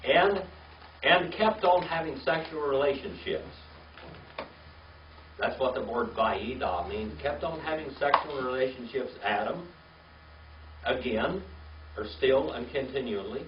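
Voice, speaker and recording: An older man teaching a classroom Hebrew reading lesson, patient and slow, spelling words out letter by letter. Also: mid-range voice, lively intonation, background noise. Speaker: Bible language teacher. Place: classroom with a small group. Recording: echoey, distant, dull lo-fi room recording.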